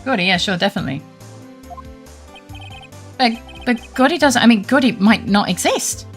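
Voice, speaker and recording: A woman's voice: on the high side, lively intonation, moderate pace, soft background music. A woman streamer giving casual, joking commentary and reading game dialogue aloud, often swearing and laughing.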